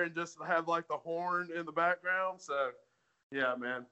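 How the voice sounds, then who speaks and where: A man co-hosting a sports betting podcast, blunt and halting with many restarts. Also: a little high, bright, forceful tone, clear, resonant tone. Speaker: podcast co-host. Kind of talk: casual sports betting chat.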